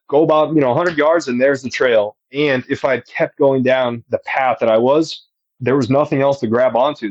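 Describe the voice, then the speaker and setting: A man's voice: mid-range voice, dry recording, lo-fi sound. A man telling, earnestly and with emphasis, about a personal encounter as a guest on a podcast. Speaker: eyewitness guest.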